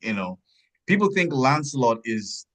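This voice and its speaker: A man co-hosting a podcast, chatting casually about a film, rambling and searching for words, his pitch jumping up when surprised. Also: sing-song, normal speed, fairly bright tone. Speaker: podcast co-host. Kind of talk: casual film review chat.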